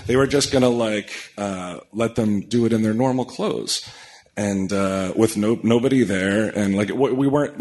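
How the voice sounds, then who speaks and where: A man with a lowish voice, a guest in a casual chat, telling a story bluntly and with heavy profanity. He talks haltingly, with frequent uhs and restarts. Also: darkish tone. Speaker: podcast guest.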